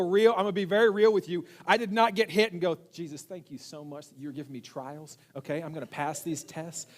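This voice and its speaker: A man in his thirties, a pastor, giving a casual, conversational sermon full of self-deprecating humor and storytelling. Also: high-pitched. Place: church sanctuary.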